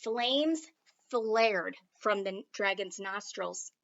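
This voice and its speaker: A woman reading a children's storybook aloud in an expressive, unhurried way. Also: mid-range voice, creaky, lo-fi sound, slight background noise. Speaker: storybook reader.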